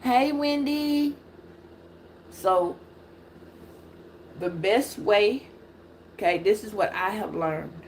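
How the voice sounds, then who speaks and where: A middle-aged woman giving a casual live-stream tarot reading, preachy and profane, with loud emphatic bursts. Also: medium pitch, very slow, pauses often, a little hiss or hum. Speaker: tarot reader.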